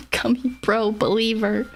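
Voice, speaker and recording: Young woman streamer rambling slow, giggly, kinda mumbly, soft music under it. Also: a little high, level tone. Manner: rambling, giggly, self-deprecating; mumbles a little. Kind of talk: casual livestream chat. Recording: faint music behind.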